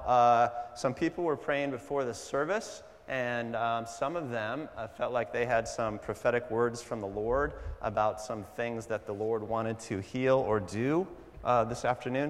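A man preaching a sermon at a church service, animated and conversational, wandering into asides, in a hall with long reverb. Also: mid-range voice, normal speed. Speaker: pastor.

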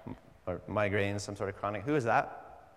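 A man preaching a sermon at a church service, animated and conversational, wandering into asides, in a hall with long reverb. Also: fairly low pitch, normal speed. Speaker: pastor.

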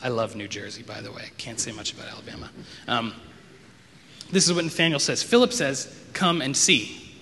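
A man delivers a relaxed, conversational sermon, thinking aloud with plenty of ums and wry side remarks. His voice is bright and sharp. It rings with the long reverb of a large hall, over a faint hum of background noise. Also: mid-range voice, fairly quick, gravelly. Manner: reflective, loose delivery with frequent ums and wry asides. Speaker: pastor.

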